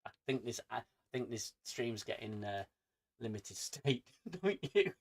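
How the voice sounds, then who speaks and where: A man's voice: medium pitch, very animated, a little slow. A man with an angry manner who swears a lot, ranting casually on his livestream from home. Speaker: streamer.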